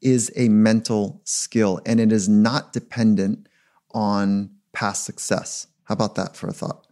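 A man's voice: lowish voice, flat delivery, measured pace, dark tone. A man being interviewed as a performance psychologist, talking in a reflective, emphatic way. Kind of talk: podcast interview.

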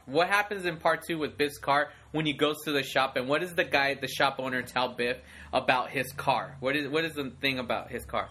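A man in his forties hosting a podcast, chatting casually and rambling excitedly with lots of fillers. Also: fairly high pitch. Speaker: podcast host. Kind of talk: casual chat.

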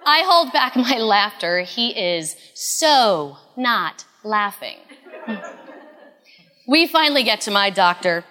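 A woman in her thirties telling a personal story in an earnest, confessional way, often dropping to a hush. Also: medium pitch, very animated, takes it slowly, in a large hall. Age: 30s.

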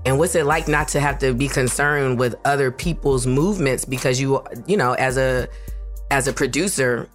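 A woman in her forties with a low, deep voice talks through tears on a casual podcast. She halts, restarts and circles back, and soft music sits faintly behind her. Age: 40s. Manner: halting, tearful, with many restarts. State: crying. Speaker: podcast co-host. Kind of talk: emotional casual chat.

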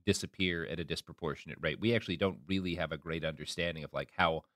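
Man, very low voice, podcast co-host, measured, explanatory, dry sound. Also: fairly bright tone, dry recording. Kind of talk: casual chat.

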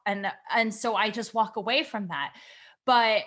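A woman's voice: mid-range voice, unhurried, a bit bright. A mother candidly asking for advice, talking in a rambling way with many "like"s. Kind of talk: casual chat.

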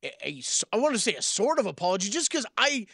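A woman co-hosting a sports betting show, chiming in with quick banter in a studio. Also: medium pitch, very animated, fairly bright tone, slightly rough, dry recording. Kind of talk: casual studio chat.

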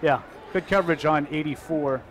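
A man's voice: fairly high pitch, moderate pace, a crowd in the background. A man co-hosting a live show, making dry, wisecracking remarks on the plays. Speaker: podcast co-host. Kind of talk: live practice commentary. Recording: faint background noise.

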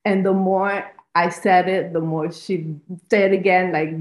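A woman with a Spanish accent, Spanish her first language, telling her life story as an interview guest, reflective and halting, often restarting. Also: fairly low pitch, fairly even intonation, echoey room. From Spanish-speaking country. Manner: reflective, many restarts and fillers. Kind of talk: personal storytelling.

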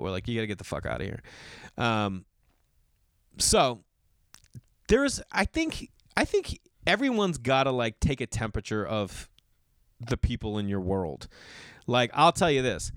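A man, a comedian, telling a long casual story in a profane, animated way and acting out the people he quotes. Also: medium pitch, clean tone, no room sound, studio quality.

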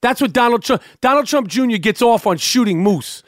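A man with a strikingly high voice rants in casual podcast banter, cursing and sounding incredulous. The sound is very dry and close, with no room in it. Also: expressive, fairly quick, a bit bright, dry recording. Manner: profane, incredulous ranting. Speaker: podcast co-host. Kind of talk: casual comedic rant.

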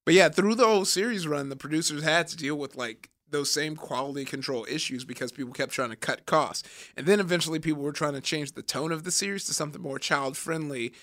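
A man's voice: on the high side, fast, few pauses, fairly bright tone, dry recording. A man in his thirties co-hosting a podcast, retelling facts in casual chat and laughing often. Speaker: podcast co-host.

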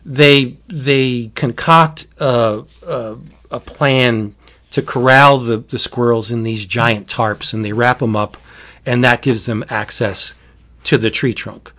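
A man's voice: medium pitch, slow pace, a bit bright. Man in casual chat retelling a book, rambling delivery, frequent restarts and laughs. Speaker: book reviewer.

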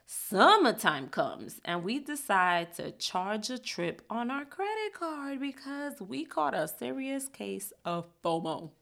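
Chatty woman a gravelly edge. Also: fairly high pitch, big pitch swings, fairly bright tone. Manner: chatty, self-mocking, laughs often, tag "right?" questions; acts out inner voices in quick asides and whispers. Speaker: podcast host. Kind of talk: casual monologue.

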